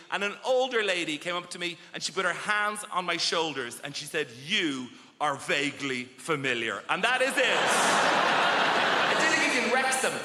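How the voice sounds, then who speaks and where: A man performing a stand-up comedy set in a theatre, animated and acting out other people in loud voices. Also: high-pitched. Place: large theatre stage before a live audience. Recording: roomy hall with loud audience laughter.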